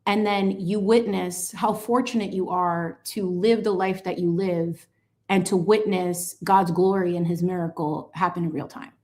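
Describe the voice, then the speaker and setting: A woman with a fairly low-pitched voice, speaking a little slowly, hosts a livestream where she paints while chatting. She's animated, sassy, and playful, full of asides and sprinkling in bits of Spanish.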